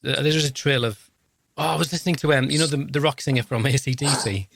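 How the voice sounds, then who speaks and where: A man's voice: mid-range voice, fast, vocal fry, a bit bright. A man, hosting a podcast in a casual, rambling, self-deprecating, jokey way. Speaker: podcast host. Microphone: podcast microphone.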